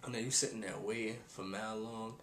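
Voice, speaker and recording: A man's voice: lowish voice, steady tone, fairly quick, a bit bright, slight background noise. Exasperated young New man ranting. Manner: exasperated, sighing, slangy. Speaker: vlogger. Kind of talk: casual rant. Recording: echoey room.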